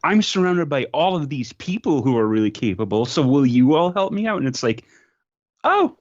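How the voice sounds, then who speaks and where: A man's voice: medium pitch, big pitch swings, normal speed, no echo, highs cut off. A man co-hosting a podcast, chatting casually and retelling scenes with amusement. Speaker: podcast co-host. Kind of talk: casual anime review chat.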